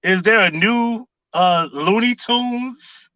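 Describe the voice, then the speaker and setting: A man's voice: high voice, slow pace, bright, forceful tone, no room sound, highs cut off. A man hosting a casual live stream, firing off sarcastic rhetorical questions and greeting viewers in the chat. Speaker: livestream commentary host.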